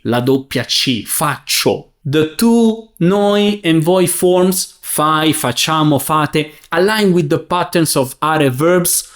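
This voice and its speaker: A man teaching a beginner grammar lesson, saying each verb form clearly and translating it in a patient, careful way. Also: fairly high pitch. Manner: patient, spells out forms and translates each one. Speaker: Italian teacher.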